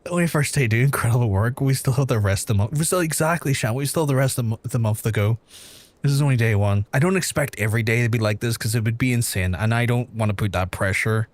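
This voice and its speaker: A man streaming live, overwhelmed and swearing, holding back from shouting. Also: mid-range voice, quick pace, no room sound. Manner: emotional, swearing, restrained from shouting. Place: room at home.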